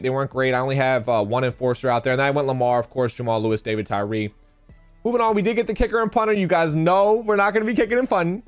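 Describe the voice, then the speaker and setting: A young man giving excitable gameplay commentary to his viewers, his voice strained and cracking, repeating phrases as he plays. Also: fairly high pitch, smooth, no echo. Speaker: gaming YouTuber.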